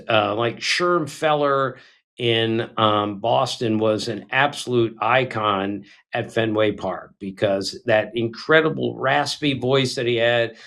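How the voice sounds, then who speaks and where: Male sports podcast co-host, mid pitch, anecdotal, stumbles and restarts. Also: a bit bright. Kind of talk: casual sports chat.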